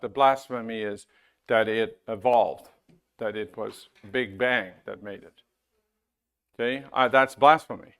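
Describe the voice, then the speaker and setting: A man teaches a Bible-school class in a casual, conversational style, frequently checking in with listeners and reading scripture aloud slowly. His voice is medium in pitch and a bit bright.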